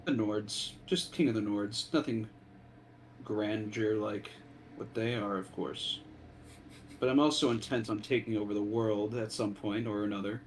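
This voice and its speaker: A man's voice: lowish voice, fairly even intonation, unhurried, slight background noise. Man, tabletop player, easygoing, jokey in-character talk.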